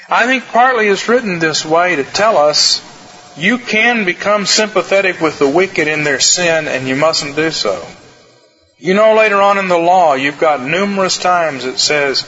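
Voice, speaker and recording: A man preaching a sermon as pastor, earnest and emphatic, with slow stresses and quick asides. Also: sits high, pushed and bright, highs cut off.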